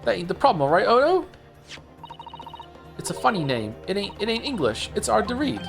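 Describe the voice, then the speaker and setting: A man's voice: high voice, huge pitch swings, brisk, vocal fry, voice pushed up, exaggerated voice. A man reading a game aloud, voicing a brash young working-class woman inspector with a Cockney accent and blunt slang. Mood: puzzled. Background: game music.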